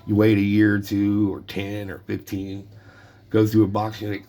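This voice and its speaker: A man's voice: fairly low pitch, monotone, normal speed, dark tone. A middle-aged man casually telling a rambling story about collecting trading cards, full of fillers and restarts. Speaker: card collector vlogger.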